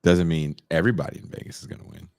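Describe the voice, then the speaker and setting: A man co-hosting a podcast in casual chat, bantering in a wry, expressive way. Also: deep voice, rapid-fire, vocal fry. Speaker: podcast co-host.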